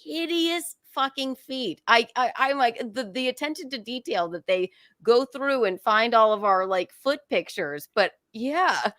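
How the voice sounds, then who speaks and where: Woman, podcast guest, expressive swooping pitch, dry close mic, laughs a lot, swears. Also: moderate pace, hardly any pauses, dry recording. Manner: animated storytelling, laughs often, swears. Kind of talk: casual comedic chat.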